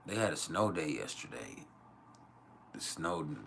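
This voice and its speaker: A man's voice: a bass voice, sing-song, a little slow, vocal fry, fairly bright tone, slight background noise. A man hosting an astrology livestream Q&A from home, talking in loose, profane, rambling rants with laughs. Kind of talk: casual livestream chat and Q&A.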